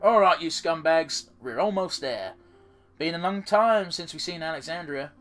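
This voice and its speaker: A man's voice: on the high side, expressive, normal speed, a bit bright. A man voicing a brash southern woman airship captain from a video game, with a put-on Southern US accent and a hollering, rowdy manner.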